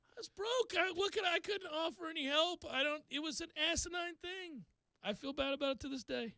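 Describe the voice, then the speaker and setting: A male radio host telling a self-deprecating story in casual talk, acting out quotes with lively energy. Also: very high-pitched, fairly quick, no room sound.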